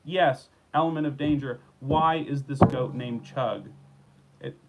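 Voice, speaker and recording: A man's voice: medium pitch, unhurried, heavy background noise. A man hosting his own show, reading odd news stories aloud and riffing on them sarcastically, full of restarts and asides, recorded at home. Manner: rambling, sarcastic, restarts and riffs on news he reads. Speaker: host. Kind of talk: solo comedic news rant.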